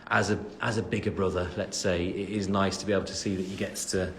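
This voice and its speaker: A man's voice: deep voice, fairly even intonation, fast, fairly bright tone, slight background noise. Chatty rambling young English guy. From England. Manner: chatty and rambling, with many fillers and restarts; jokey, laughing at himself. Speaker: livestream host answering fan comments. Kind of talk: casual livestream chat. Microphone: phone.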